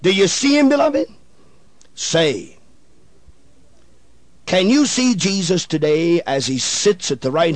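A man preaching a radio sermon, swinging from hushed pleading to shouting, with old-fashioned prayer language. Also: fairly high pitch, dry recording.

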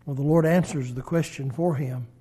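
A man preaching a sermon, swinging between loud emphatic peaks and hushed low endings. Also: steady tone, normal speed, slightly rough.

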